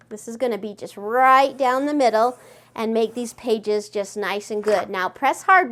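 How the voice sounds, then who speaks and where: Gushing woman giving a craft tutorial. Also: a little high. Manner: gushing, excitable; chatty, friendly instructions.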